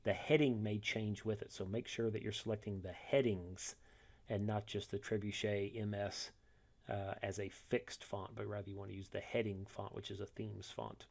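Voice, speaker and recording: A man walking through a software tutorial step by step, reading each instruction and then demonstrating it, correcting himself along the way. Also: lowish voice, little pitch movement, moderate pace, gravelly. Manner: methodical, reads steps then demonstrates, self-corrects.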